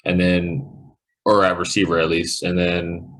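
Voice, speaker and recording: Young male athlete guest, low voice, laid-back casual answers. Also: unhurried, rough recording. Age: young adult. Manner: relaxed, laid-back talk with fillers. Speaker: college football player guest. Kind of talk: casual interview chat.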